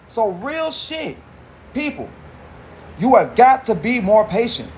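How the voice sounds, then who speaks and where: A man's voice: extremely high pitch, sing-song, slow, pauses often. A man hosting a podcast, talking alone in a casual, rambling, profane way, full of slang and swearing. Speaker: podcast host. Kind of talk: casual monologue.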